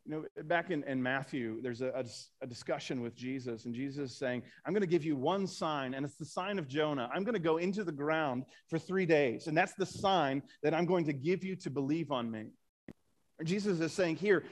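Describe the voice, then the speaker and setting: A man's voice: fairly high pitch, brisk. A man preaching a Sunday sermon, reading scripture aloud and asking the congregation rhetorical questions. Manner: reads scripture aloud, rising for emphasis. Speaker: pastor.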